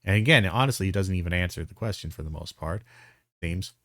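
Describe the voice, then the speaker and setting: A man's voice: deep voice, fast talker, a bit bright, dry recording, clean studio sound. A man giving blunt, profane reaction commentary, exasperated and full of restarts. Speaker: commentary streamer.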